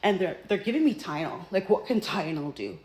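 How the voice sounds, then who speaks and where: A woman telling a personal story in a casual, animated way, acting out what others said to her. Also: lowish voice, quick pace, poor audio.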